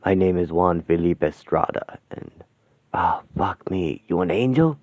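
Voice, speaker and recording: A man voicing a gruff, slangy ghost father in a radio play. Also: expressive, measured pace, dry recording, exaggerated voice. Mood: grave. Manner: rough slangy talk, lowered gruff voice. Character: ghostly street-tough father, gruff and tender. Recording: thin phone-like, dry sound.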